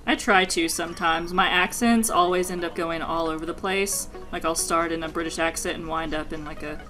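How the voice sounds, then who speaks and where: A woman hosting a video game match, chatting casually with her guest, laughing easily and getting excited about the game. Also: lowish voice, a little fast, soft background music, poor audio. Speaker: host of a game versus series. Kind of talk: casual chat while playing a video game.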